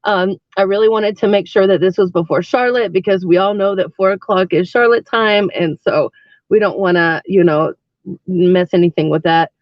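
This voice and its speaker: A woman's voice: medium pitch, normal speed, no room sound, lo-fi sound. A woman in her thirties chatting casually on a live stream, rambling with lots of fillers.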